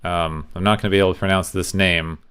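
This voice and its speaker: A man co-hosting a podcast, relaxed and telling trivia in a casual chat. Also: low-pitched, fast, clean tone. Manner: relaxed, recounts trivia with fillers. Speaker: podcast co-host.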